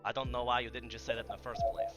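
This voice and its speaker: A man voicing a huge, affable male warrior gatekeeper in a tabletop game, speaking calmly and patiently with an attempted Irish accent. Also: mid-range voice, rapid-fire, natural voice. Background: background music.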